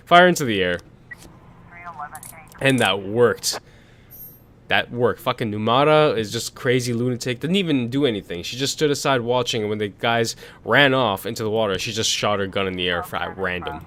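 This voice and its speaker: Young male gaming youtuber, mid-pitch voice, crude joking commentary, reads text with slip-ups, desk condenser mic. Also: brisk, fairly bright tone. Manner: swears, reads aloud and stumbles. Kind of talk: let's play commentary. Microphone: desk condenser microphone.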